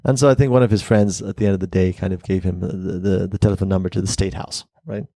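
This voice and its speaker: A man appears as a guest on a casual interview and tells his stories in an animated way. His voice is gravelly, with a warm, dark tone. The sound is dry and close. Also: low-pitched, fast talker, dry recording. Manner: animated storyteller. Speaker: guest, crypto company founder.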